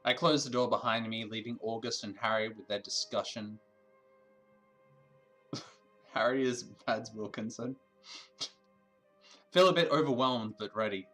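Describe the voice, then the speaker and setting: Man reading a game aloud. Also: on the low side. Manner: even narration with asides. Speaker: streamer playing a visual novel.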